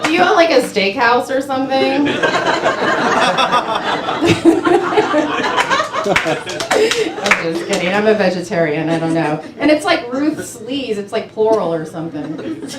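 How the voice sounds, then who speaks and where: A woman's voice: a little high, big pitch swings, slow, pauses often. A young woman doing a stand-up comedy set, chatty and self-mocking, filling her talk with "like" and laughing at her own jokes. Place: small club stage with audience. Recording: echoey club with crowd noise. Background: audience laughter and chatter.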